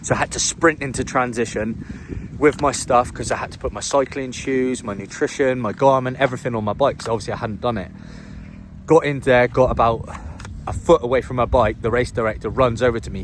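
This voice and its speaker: A young man, a triathlete vlogger, telling a story to the camera in a chatty, animated way. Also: medium pitch, slight background noise.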